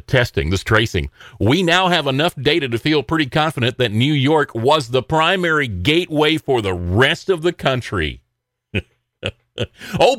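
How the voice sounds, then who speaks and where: A man hosts a political commentary show in a sarcastic, mocking tone, with scoffing laughs between points. His pitch swings widely as he talks. The recording is dry and close, with no room sound. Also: a bit bright, no echo. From American South.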